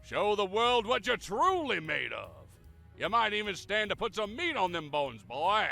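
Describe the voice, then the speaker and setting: A man's voice: sits high, big pitch swings, normal speed, gravelly, pushed and bright, soft background music, full character voice. A man voicing a blustering old southern rooster who lectures in a put-on Southern drawl and keeps repeating "I say". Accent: American Southern (put on). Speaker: viewer's submitted impression clip.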